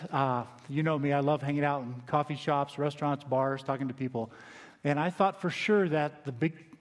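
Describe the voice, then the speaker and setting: A male pastor with a slightly higher voice delivers a sermon in an easy, conversational way, often sinking to a quiet, intent hush to drive a point home. His voice carries a long reverb tail, as if from a large church hall. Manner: conversational, dynamic preaching with quiet emphatic drops. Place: church sanctuary.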